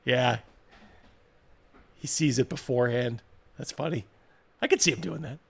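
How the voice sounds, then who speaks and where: A man's voice: mid-range voice, moderate pace, creaky, slightly rough. A man hosting a stream, giving sarcastic, mocking reaction commentary with frequent stammered restarts. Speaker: stream host.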